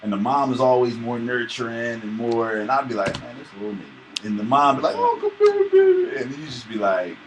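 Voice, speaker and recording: A man talking casually in a laid-back, expressive way. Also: mid-range voice, brisk, hardly any pauses, crowd noise, poor audio. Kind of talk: casual chat.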